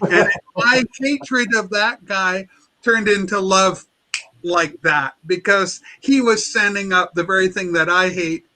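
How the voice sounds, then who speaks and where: A man hosting a casual chat show, telling lively anecdotes and acting out the quotes. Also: sits high, takes it slowly, low-quality recording. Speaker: show host. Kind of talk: casual chat, animated storytelling.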